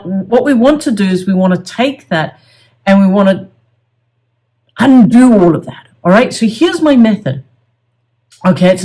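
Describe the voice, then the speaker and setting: Earnest middle-aged man coaching. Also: sits high. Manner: earnest, repeats words, many fillers and restarts. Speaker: self-help coach. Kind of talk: casual teaching to camera.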